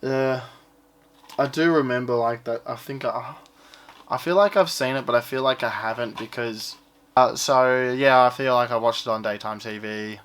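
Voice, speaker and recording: A man's voice: mid-range voice, moderate pace, a bit bright. Rambling, offhand man. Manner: rambling, offhand, swears casually. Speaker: collector showing his purchases. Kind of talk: casual unboxing chat.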